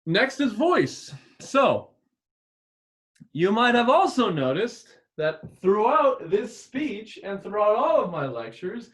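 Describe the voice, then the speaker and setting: A man lecturing as a public speaking instructor who keeps shifting his volume and tone to sound expressive. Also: high-pitched, slow. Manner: expressive, constantly varying volume and tone. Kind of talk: recorded lecture. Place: rented room used as a classroom. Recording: echoey room.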